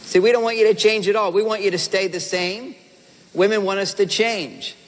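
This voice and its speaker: Animated high-voiced man lecturing in a hall. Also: normal speed. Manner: animated, playful, acts out spouses' voices. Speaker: relationship speaker. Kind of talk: seminar talk to a live audience. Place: large hall with audience. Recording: reverberant hall sound.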